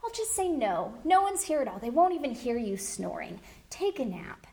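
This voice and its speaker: A sweetly coaxing woman of old times, soft and hospitable on the surface, luring her guest to rest, as a woman storyteller puts her on. Her voice rides a little high, gentle and inviting. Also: very animated, moderate pace. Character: sweetly coaxing deceptive ancient woman host.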